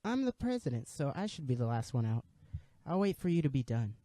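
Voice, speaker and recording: A man's voice: mid-range voice, big pitch swings, brisk, mellow, no echo, lightly acted. A man voicing a cheerful, confident teenage girl who leads a school club, speaking sweetly and a little apologetically. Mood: polite, firm.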